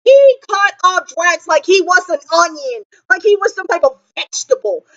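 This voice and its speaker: A high-voiced young woman rants through a casual movie reaction, animated and exasperated. She leans on dramatic pauses. The sound is a little dull and lo-fi. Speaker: vlogger.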